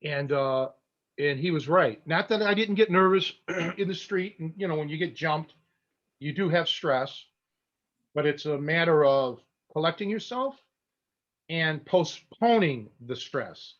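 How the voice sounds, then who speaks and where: A man, a catch wrestling coach and podcast host, telling a story in a casual, animated way with many restarts and blunt asides. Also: fairly high pitch, unhurried, highs cut off.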